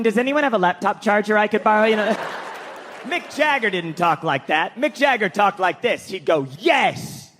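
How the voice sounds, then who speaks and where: Animated stand-up comic in a hall. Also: male voice, high voice. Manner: animated storytelling with impressions. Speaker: stand-up comedian. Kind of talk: stand-up routine. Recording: live hall with faint crowd noise.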